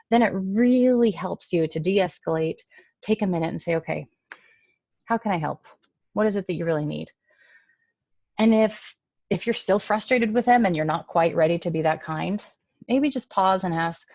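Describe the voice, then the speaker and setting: A woman's voice: medium pitch, darkish tone, no room sound. A middle-aged woman giving a conversational lecture, often checking in with "okay?" and "right?". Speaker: communication lecturer. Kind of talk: recorded lecture talk. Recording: dull, dry, lo-fi sound.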